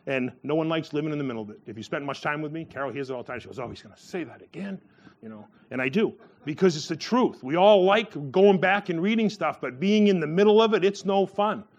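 A man giving a sermon in a loose, conversational way, full of fillers and restarts, who jumps up in pitch when he acts out the people in his stories. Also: animated, fast, dull audio. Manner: acts out quoted voices with a sharp rise in pitch. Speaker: preacher.

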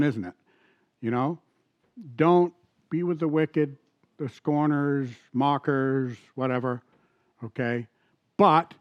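A middle-aged man preaching a sermon in a church, talking conversationally, asking the congregation questions and reading scripture slowly. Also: a little high, dry recording, dull audio. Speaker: pastor. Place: church sanctuary.

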